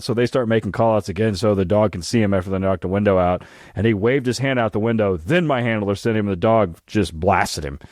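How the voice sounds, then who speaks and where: A deep-voiced man co-hosts a casual podcast, telling stories in a blunt, profane, animated way. His low voice sits close and dry on the mic, with no room sound. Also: brisk, dry recording. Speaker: podcast co-host, police dog program lead. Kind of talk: casual chat.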